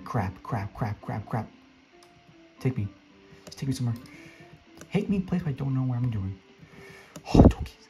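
A man commenting casually on his gameplay, excitable and flustered, often talking to the other players. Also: medium pitch, poor audio. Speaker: gameplay streamer. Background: faint game music.

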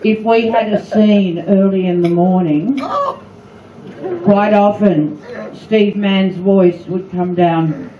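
A woman's voice: mid-range voice, steady tone, takes it slowly, crowd noise. An older Australian woman telling cheeky backstage stories at a fan luncheon. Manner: chatty, cheeky storytelling. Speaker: former cast member on a panel. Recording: echoey room, far-off mic, dull sound.

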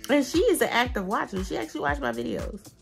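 A woman's voice: on the high side, animated, quick pace, creaky, soft background music. A woman vlogger talking straight to her viewers in a casual, heartfelt way, chatty and calling them y'all. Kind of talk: casual vlog talk to viewers.

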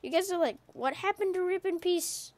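A woman giving excited gaming commentary as a YouTuber, trash-talking playfully with loud outbursts. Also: very high voice, moderate pace, no echo.

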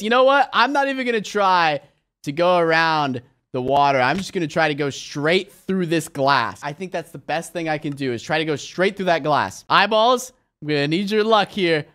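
Excitable young man playing a video game. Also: a little high, moderate pace. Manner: excitable, bursts into shouts and exclamations. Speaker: gaming YouTuber. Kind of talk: casual gameplay commentary.

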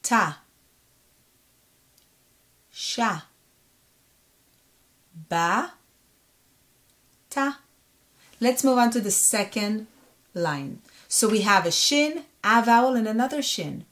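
Slow patient woman teaching reading. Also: mid-range voice, expressive, fairly bright tone. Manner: patient, sounds out syllables and repeats them. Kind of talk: slow step-by-step reading lesson.

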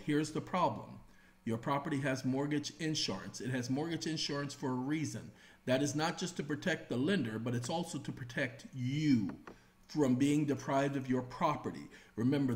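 Animated, high-voiced man lecturing casually. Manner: folksy, animated, reads legal text aloud then explains. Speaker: self-taught legal lecturer.

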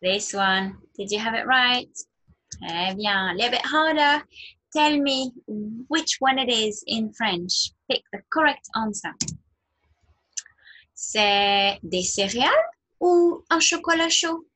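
A woman teacher giving a slow nursery language lesson, modelling words in a sing-song way for small children to repeat. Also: a little high, pushed and bright. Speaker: French teacher.

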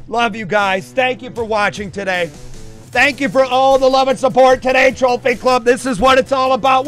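A man streaming a hunting game, commenting with hype, whooping and shouting, then dropping to quiet murmurs. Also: extremely high pitch, normal speed, soft background music. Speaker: gaming streamer.

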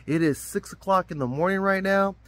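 Cheerful camp-counselor vlogger, man, a touch high in pitch, dry close sound. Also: fairly quick, a bit bright, no room sound. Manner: upbeat, rambling, self-deprecating. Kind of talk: casual vlog talk to camera. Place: outdoors at a summer camp.

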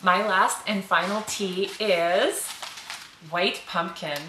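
A woman's voice: medium pitch, fairly even intonation, takes it slowly, sharp tone. A woman hosting a casual tea unboxing vlog, chatty and enthusiastic, often saying "like". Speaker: tea vlogger host. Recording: echoey room with faint noise.

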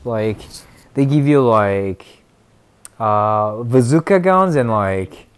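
A young man giving excitable, chatty commentary while streaming a shooter game, dropping to mumbles and then bursting out loud. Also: medium pitch, slow, clean tone. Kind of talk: live gameplay commentary.

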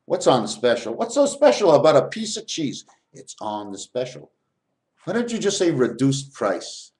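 A man's voice: medium pitch, wildly swooping pitch, moderate pace, a little mellow. A man vlogging a rambling spiritual monologue, jumping between topics and swearing.

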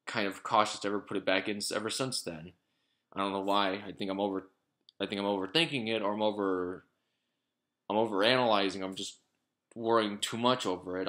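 A man's voice: on the low side, a bit bright. A man talking casually to his vlog audience in a rambling way, with lots of fillers, restarts and swearing. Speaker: vlogger.

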